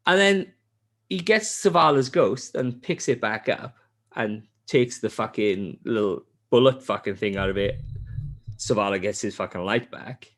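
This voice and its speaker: Man podcast host, lively sweary storyteller, mid-pitched voice. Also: normal speed. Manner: animated storytelling, heavy swearing; acts out character lines in a high voice. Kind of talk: casual gaming chat.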